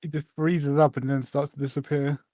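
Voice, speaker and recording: A podcast co-host in casual chat, low-key and dry, repeating jokes back in a slow deadpan. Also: dry recording.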